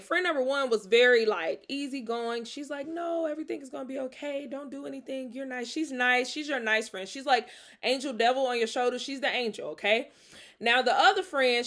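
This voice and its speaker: A woman tells a personal storytime tale in a casual, animated way, talking straight to her listeners. She laughs often through her telling. Her voice sits a touch high for a woman. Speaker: host.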